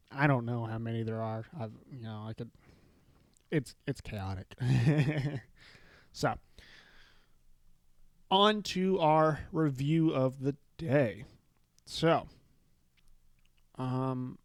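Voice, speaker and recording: A man's voice: mid-range voice, darkish tone, dry recording. Chatty man hosting a solo show. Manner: chatty, retelling scenes in loose paraphrase with fillers. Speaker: podcast host. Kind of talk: casual solo show recap.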